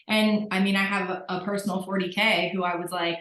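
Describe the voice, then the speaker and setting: A woman's voice: mid-range voice, little pitch movement, a little fast, few pauses, a bit bright, roomy sound, low-quality recording. A woman telling her story candidly on a group call, acting out what people said. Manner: candid, self-mocking storyteller who acts out quotes.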